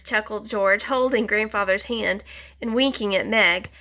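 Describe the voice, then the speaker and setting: A woman reading a picture book aloud to children, gently asking them questions with soft whispered asides. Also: fairly high pitch, lively intonation, normal speed.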